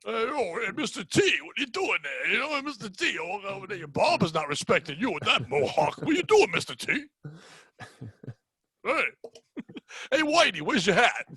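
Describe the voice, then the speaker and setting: A man's voice: high-pitched, very animated, moderate pace, sharp tone, husky, no echo, studio quality, voice pushed up, exaggerated voice. A man putting on a brash Italian mobster. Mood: heckling.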